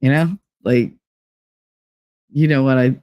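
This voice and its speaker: A host from the UK, chatting casually and reading out live comments, with animated, sarcastic asides. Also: mid-range voice, slow pace, no echo, clean studio sound. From United Kingdom. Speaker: livestream podcast host.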